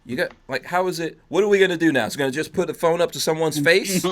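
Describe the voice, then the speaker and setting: A man's voice: on the high side, quick pace. Joking male podcast host. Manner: loose and joking, trails off and restarts. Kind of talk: casual chat reading viewer comments.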